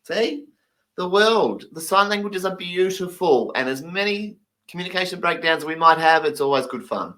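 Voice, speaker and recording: A man voicing a deaf comedian's stand-up story, animated and acting out the people he quotes. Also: high-pitched, normal speed, low-quality recording.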